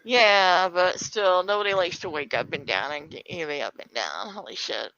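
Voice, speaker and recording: A woman's voice: fairly low pitch, normal speed, bright, forceful tone, dry recording. A woman chatting casually on a stream and swearing freely as she tells stories. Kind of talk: casual chat. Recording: dry, lo-fi stream audio.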